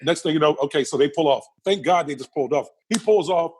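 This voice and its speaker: This middle-aged man's voice is fairly high, fast, a little mellow, and edged with breathiness. Appearing as a guest in a casual interview, he tells animated, vivid stories, repeating phrases and voicing the characters in them.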